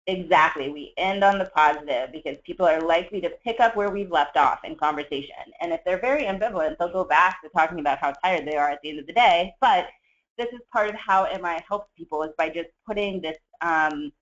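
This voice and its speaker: A trainer teaching a skills webinar in a measured, explanatory way, with frequent fillers. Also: mid-range voice, fairly bright tone. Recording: dull lo-fi webinar audio.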